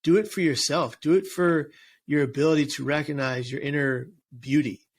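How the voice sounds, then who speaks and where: A man's voice: on the high side, fairly even intonation, normal speed. A man speaking as an interview guest and suicide prevention speaker, earnest and emphatic, often restarting and repeating words. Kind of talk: casual interview chat.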